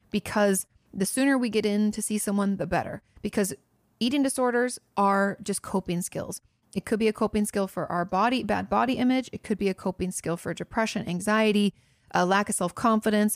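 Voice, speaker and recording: A woman's voice: medium pitch, brisk, no room sound, studio quality. A woman therapist hosting a podcast, answering listener questions in an earnest, direct way, speaking straight to the listener and often restarting her sentences. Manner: restarts and self-corrections.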